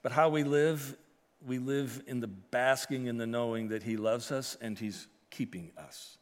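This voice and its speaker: Male pastor preaching, swinging between booming emphasis and quiet pleading; medium pitch, church sanctuary reverb. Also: steady tone, measured pace. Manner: swells from loud emphatic preaching to soft earnest appeal. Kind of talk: sermon. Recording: long hall reverb.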